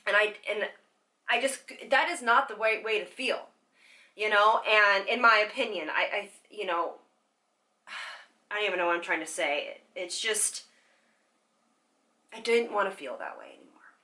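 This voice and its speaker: A young woman talking candidly and haltingly to her viewers in a personal vlog, tearful at times, with many fillers. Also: medium pitch, pushed and bright. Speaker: vlogger.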